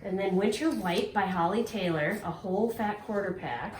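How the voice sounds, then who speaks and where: A middle-aged woman in casual, excited chat, gushing and exclaiming to her viewers as she unboxes a prize at home. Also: medium pitch, moderate pace. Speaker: quilting vlogger unboxing a prize. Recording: echoey room, faint noise.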